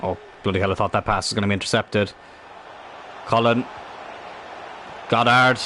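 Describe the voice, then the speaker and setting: A man commentating on his own football video game live, excitable and rambling, swearing at the game. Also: on the low side, moderate pace, pauses often, a little hiss or hum. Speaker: game streamer.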